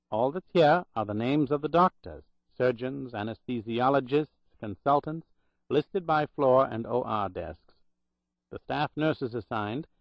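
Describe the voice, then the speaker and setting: A man's voice: mid-range voice, no echo, highs cut off, lightly acted. A man voicing a chatty, portly woman hospital clerk with a Boston accent, gushing and gossipy.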